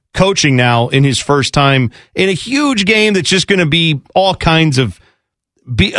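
A man's voice: a little high, no room sound, clean studio sound. A man co-hosting a sports radio talk show, chatting casually and joking around in mock accents. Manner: animated, jokey, throws in mock accents.

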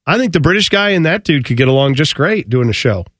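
A man's voice: on the high side, quick pace, husky, dry recording, studio quality. A man co-hosting sports radio with a cold, ranting animatedly in casual banter. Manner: animated, mock-shouting ranter. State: has a cold. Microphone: studio broadcast mic.

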